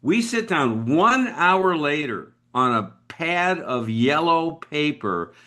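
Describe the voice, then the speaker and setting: A man in his sixties, a business leader guest, telling a story in an interview with lively swings of voice. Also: takes it slowly. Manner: animated storyteller with big pitch swings.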